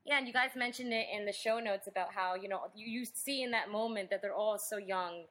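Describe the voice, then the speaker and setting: A woman co-hosting a podcast, talking casually and chattily with quick restarts. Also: medium pitch, background noise. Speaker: podcast co-host. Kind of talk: casual chat.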